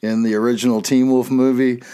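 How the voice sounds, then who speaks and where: A man's voice: mid-range voice, little pitch movement, fairly quick, warm tone, smooth. Profane rambling man. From North Carolina, USA. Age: middle-aged. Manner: profane, rambling, laughs at his own jokes. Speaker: podcast host. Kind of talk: casual monologue.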